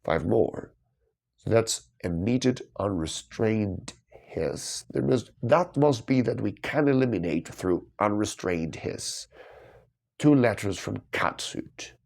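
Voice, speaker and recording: Man, slow and gravelly, lively rising and falling voice, thinking aloud over a puzzle. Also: on the low side. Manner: musing, self-questioning, bursts of delight. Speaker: crossword solver.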